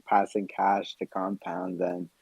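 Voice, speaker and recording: A man from Canada with a Canadian accent chats in a laid-back, mock-stern tease. His voice is low and husky. The mic sounds dull and dry. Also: big pitch swings, takes it slowly, no echo. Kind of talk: casual chat.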